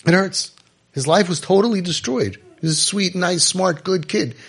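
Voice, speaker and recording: A middle-aged man telling a story and giving advice, emphatic, repeating phrases and dropping to quiet intensity. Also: high-pitched, moderate pace, vocal fry, slightly rough. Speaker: rabbi giving parenting advice. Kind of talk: impassioned storytelling talk.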